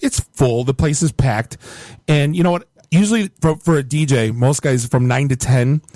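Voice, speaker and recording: A man's voice: medium pitch, normal speed, mellow, no room sound. A man who is a co-host and part-time DJ, telling a long anecdote in casual chat, repeating and restarting his words as he goes.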